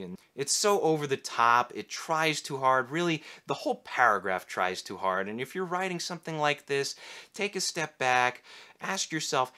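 A young man with a bright, forceful voice talks through writing advice to camera. He is candid and blunt, with a sarcastic edge when he mocks clichés. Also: medium pitch, animated, brisk. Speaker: writing teacher.

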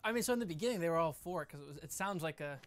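A young man from New Hampshire, a guest in a casual interview, telling his story quickly with lots of "like". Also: fairly high pitch, lively intonation. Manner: fast, filler-heavy storytelling.

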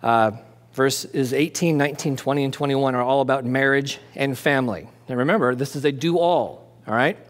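A man preaching an expository sermon as pastor, conversational and animated, asking and answering his own questions and dropping jokey asides. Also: medium pitch, moderate pace. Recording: long hall reverb.

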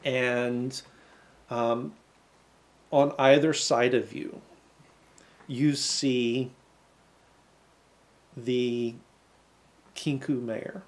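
A man narrating a tabletop game as game master, slow and halting with many fillers. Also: medium pitch, fairly even intonation.

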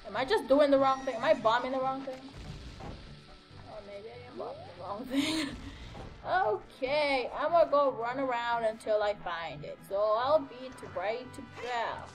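A woman's voice: high-pitched, expressive, unhurried. A young woman casually commenting while playing a video game, chatty and scattered, with lots of fillers and exclamations. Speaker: gaming channel host. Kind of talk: casual let's-play commentary. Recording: faint game music behind.

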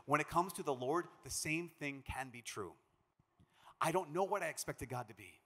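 A man from Minnesota, a priest giving a conference talk, an animated storyteller who acts out the quotes he tells. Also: fairly high pitch, moderate pace, husky. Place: large conference hall. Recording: long reverb of a big hall.

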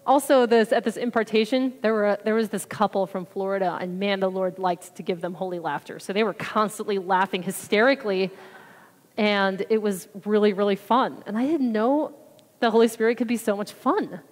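A woman's voice: mid-range voice, steady tone, moderate pace. A woman giving a chatty, rambling mission trip report at church, acting out what people said. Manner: chatty, rambling, acts out quotes. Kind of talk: casual testimony talk. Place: church sanctuary. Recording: reverberant hall.

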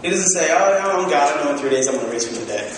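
High-voiced pastor preaching in an echoing hall. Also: male voice, fast, a little hiss or hum. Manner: animated storytelling with acted-out quotes. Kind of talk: sermon. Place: church sanctuary. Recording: echoey hall from far off.

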